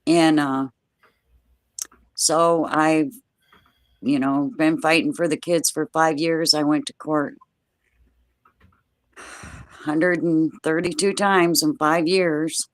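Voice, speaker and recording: An older woman, a guest, telling a personal story in plain, steady words with everyday dialect grammar, speaking from home over a video call. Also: low-pitched, takes it slowly, long pauses, no echo.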